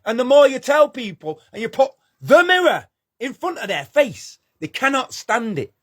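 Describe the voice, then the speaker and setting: A man's voice: very high-pitched, sing-song, normal speed, fairly bright tone. A man delivering a scornful, preachy monologue, firing rhetorical questions and repeating his points. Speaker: channel host. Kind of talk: impassioned monologue rant.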